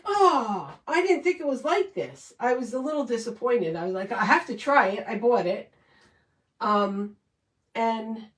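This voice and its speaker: A woman's voice: fairly high pitch, reverberant, recorded from a distance, poor audio. A woman hosting a casual craft livestream, chatting and thanking viewers in an emotional, rambling way with many restarts.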